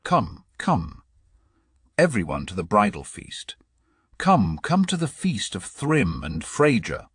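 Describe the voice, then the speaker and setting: A man's voice: sits low, sing-song, slow, no echo, clean studio sound, heavily acted. A man voicing a huge, jeering male frost giant king who growls and bellows in a storybook reading. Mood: gleeful.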